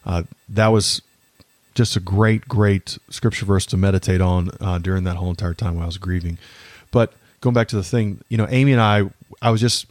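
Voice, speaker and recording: With fairly even intonation and a darkish, low voice, a man in his thirties reflects on faith as host of his podcast. Earnest and halting, he leans on fillers and keeps restarting. The recording sits close and dry, without room echo.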